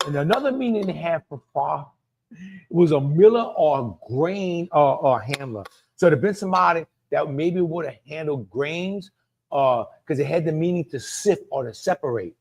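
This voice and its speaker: A man's voice: fairly high pitch, animated, moderate pace, vocal fry, a little mellow, a little hiss or hum. Chatty Cajun man hosting a cooking show. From Louisiana. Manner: chatty, repeats himself, talks to viewers by name. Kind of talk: live cooking demonstration.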